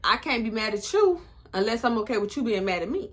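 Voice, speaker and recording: A woman, animated and sassy, acting out the back-and-forth of a conversation. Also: a little high, fast. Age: 20s. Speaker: vlogger. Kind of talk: storytime vlog.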